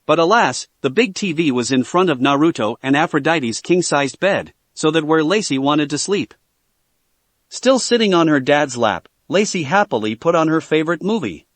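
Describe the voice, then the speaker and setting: A man reading a fan fiction story aloud, his voice rising and falling with lively expression. He sits a little high for a man, and the recording is dry and close with no room sound. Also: moderate pace, no echo. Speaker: narrator.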